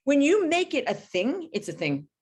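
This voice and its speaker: A woman's voice: high voice, sing-song, moderate pace. A middle-aged woman coaching in a casual interview, blunt and emphatic, acting out conversations as she tells stories. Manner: emphatic, blunt, acts out dialogue. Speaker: business coach guest. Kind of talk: casual podcast interview storytelling.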